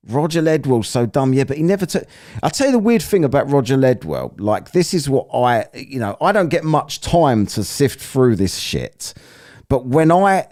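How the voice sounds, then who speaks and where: A man's voice: medium pitch, mellow, dry recording, studio quality. A man hosting a live stream, mocking clips and rambling bluntly as he browses. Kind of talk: casual commentary while browsing clips.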